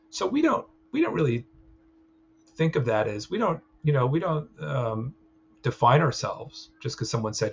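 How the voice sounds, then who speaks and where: A man's voice: mid-range voice, very animated, normal speed, a little hiss or hum. A man teaching a clinical training session, explaining ideas in a loose, conversational way and often checking in with "right?". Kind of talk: recorded training lecture. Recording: slightly dull sound with faint ambience.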